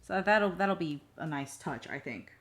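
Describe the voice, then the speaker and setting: A woman chatting casually on a live stream while she draws, rambling to herself with many fillers and soft muttered asides. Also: low voice, animated, a little slow. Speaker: streaming digital artist.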